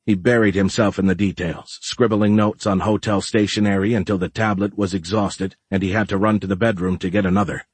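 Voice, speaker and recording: A man reading a novel aloud in steady, measured audiobook narration. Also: sits low, breathy edge, dry recording.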